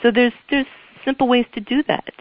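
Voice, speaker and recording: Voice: mid-range voice, fairly even intonation, fairly quick, dry recording. Earnest therapist explaining attachment, dull recording. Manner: earnest, explanatory, repeats phrases for emphasis. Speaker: couples therapist. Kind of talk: explanatory interview talk.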